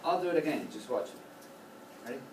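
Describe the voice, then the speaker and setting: A man's voice: medium pitch, fast talker. Man coaching a choral class. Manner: questioning, coaching, lively. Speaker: choral conducting teacher. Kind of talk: classroom teaching. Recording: roomy, distant, noisy classroom recording.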